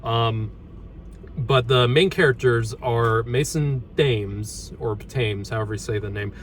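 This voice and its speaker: A man hosting a casual movie review, halting often with ums and restarts as he talks through a horror mask. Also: mid-range voice, a little hiss or hum.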